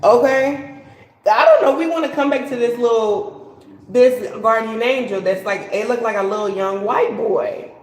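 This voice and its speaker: A woman's voice: fairly high pitch, normal speed, a little mellow, roomy sound, low-quality recording. A woman giving a casual live tarot reading, chatty and slangy, laughing and swearing as she talks. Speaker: tarot reader.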